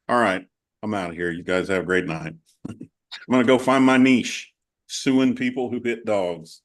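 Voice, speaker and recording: A man with a low voice talks casually on a video call. He is chatty and candid, and he rambles as he tells a story. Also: animated, normal speed. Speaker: coaching client.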